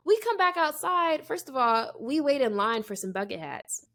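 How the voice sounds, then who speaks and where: A woman in her twenties, co-hosting a podcast, telling a story in casual chat and acting out the people in it with quick changes of voice. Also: high voice. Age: 20s. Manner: animated, acts out quoted people, laughs often. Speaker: podcast co-host.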